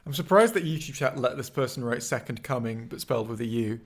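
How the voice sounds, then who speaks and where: A man chats casually on a home livestream, stopping and restarting his sentences as he thinks aloud. His voice sits at an ordinary middle pitch, picked up close on a headset mic. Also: animated, quick pace. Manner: rambling, many restarts and fillers. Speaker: co-host. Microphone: headphones with mic.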